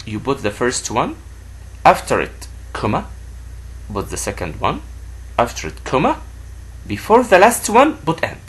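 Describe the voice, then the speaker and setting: A man teaching a grammar lesson to children, who repeats words slowly for a pupil to say back. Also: mid-range voice, slightly rough.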